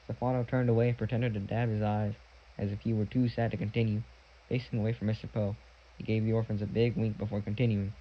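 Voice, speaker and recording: A man narrating a children's novel aloud in a plain, even reading with small restarts. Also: lowish voice, fast, dull audio, a little hiss or hum. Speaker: audiobook reader. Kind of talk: storybook narration.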